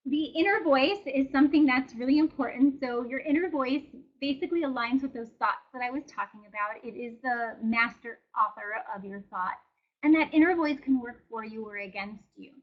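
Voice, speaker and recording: A woman's voice: high voice, muffled recording. A woman presenting a wellness webinar, speaking conversationally and encouragingly with frequent fillers. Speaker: wellness educator.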